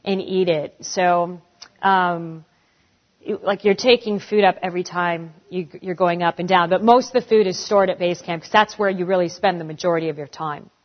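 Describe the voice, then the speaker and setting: A woman in her forties answering audience questions in a casual, animated way, acting out the voices of people she quotes. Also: fairly low pitch, normal speed. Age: 40s. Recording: dull lo-fi recording.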